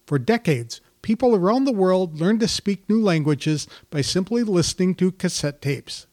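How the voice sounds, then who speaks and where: A man's voice: high-pitched, animated, moderate pace, a little mellow, dry recording, studio quality. An older man hosting an interview podcast, reading an earnest scripted introduction before chatting with his guest. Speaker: podcast host.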